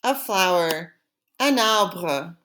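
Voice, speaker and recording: A woman teaching French vocabulary, saying each word clearly and repeating it for students to copy. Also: on the low side, expressive, a bit bright. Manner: slow, deliberate, repeating words for students. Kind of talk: language lesson drills.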